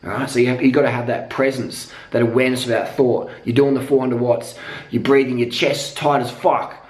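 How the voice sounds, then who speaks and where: A man's voice: medium pitch, fairly quick. A man rants about pro cycling in a casual vlog. He talks bluntly and swears all the time. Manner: profane, blunt, excitable. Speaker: cycling vlogger. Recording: echoey room.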